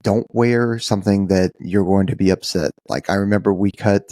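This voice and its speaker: A man's voice: on the low side, fairly even intonation, moderate pace, dark tone, dry recording, clean studio sound. A man co-hosting a podcast in casual, rambling chat, restarting his sentences often. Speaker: podcast co-host.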